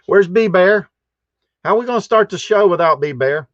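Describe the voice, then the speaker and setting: A man's voice: sits high, lively intonation, moderate pace, long pauses, no echo, highs cut off. A man hosting a live stream from a campground, chatty and rambling, giggling often as he greets viewers. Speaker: host of a live stream show. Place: campground in Texas.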